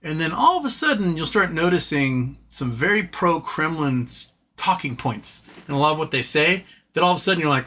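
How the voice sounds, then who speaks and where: A man's voice: fairly high pitch, big pitch swings, fairly quick, pushed and bright. A man hosting a livestream, ranting casually about politics, reading viewer chat aloud and talking to his pet between comments. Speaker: livestream host.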